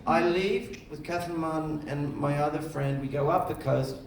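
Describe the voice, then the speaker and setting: A middle-aged film director telling lively anecdotes during an on-stage festival conversation, acting out the voices of other people. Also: male voice, fairly high pitch, normal speed, slight background noise. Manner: animated storyteller, acts out other voices. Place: festival stage before an audience. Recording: echoey room, mic at a distance.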